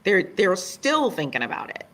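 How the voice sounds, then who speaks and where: Lively Southern woman telling stories. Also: normal speed. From Virginia, US. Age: middle-aged. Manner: animated storyteller, acts out voices with big pitch jumps. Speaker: guest, playwright and director. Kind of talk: casual interview chat.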